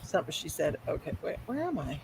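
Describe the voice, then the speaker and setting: A woman hosting a casual crochet live stream, telling animated stories. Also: deep voice, quick pace, vocal fry. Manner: animated storyteller, quotes people with Southern-style grammar. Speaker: crochet channel host. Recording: noisy home live stream.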